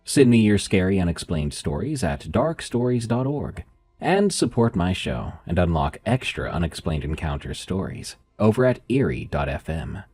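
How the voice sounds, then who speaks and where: A man with a nasal voice hosting and narrating horror stories in a calm, measured way. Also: deep voice, breathy edge, soft background music. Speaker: horror story narrator and podcast host.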